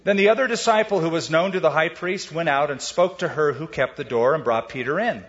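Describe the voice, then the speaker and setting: Dull sound and long hall reverb surround a pastor preaching an expository Bible sermon in a conversational manner. His voice is fairly high and a bit bright, his pace a little fast, and he throws in casual asides and rhetorical questions.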